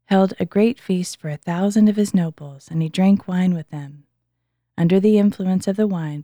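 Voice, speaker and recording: A woman reading scripture aloud in an earnest, measured way. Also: lowish voice, warm tone, no echo, studio quality. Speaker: scripture reader. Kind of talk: Bible reading.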